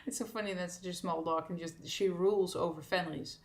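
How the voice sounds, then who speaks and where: Relaxed chatty woman on a livestream. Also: lowish voice, moderate pace. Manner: relaxed and chatty, laughs often, many fillers. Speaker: singer hosting a fan livestream. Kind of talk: casual livestream chat reading viewer comments. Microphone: streaming setup at a desk.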